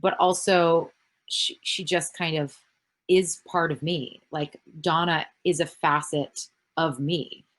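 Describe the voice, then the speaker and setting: A woman's voice: sits low, fairly even intonation, slow. Chatty rambling Canadian woman. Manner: chatty and rambling, frequent fillers, casual swearing. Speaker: actress panel guest. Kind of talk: casual fan Q&A on a virtual panel. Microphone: video call.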